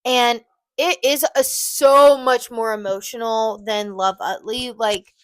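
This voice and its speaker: A woman's voice: a little high, fairly even intonation, slow pace, no room sound. Gushing young woman, dry close sound. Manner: gushing, swears freely. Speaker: podcast co-host. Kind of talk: casual chat.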